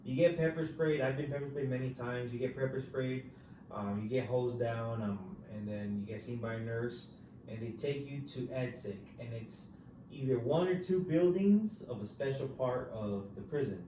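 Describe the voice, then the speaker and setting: A man's voice: mid-range voice, normal speed. Laid-back man saying "dude" constantly, roomy echo. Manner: laid-back and profane, says "dude" after nearly every phrase. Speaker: podcast host telling prison stories. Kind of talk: casual chat. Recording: roomy echo, voice far from the mic, faint ambient hiss.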